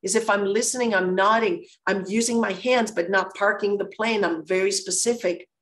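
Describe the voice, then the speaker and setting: Energetic Greek-native woman presenting online. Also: medium pitch, moderate pace. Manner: energetic, conversational, with frequent fillers and restarts. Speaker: presenter of a webinar. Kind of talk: live online workshop presentation.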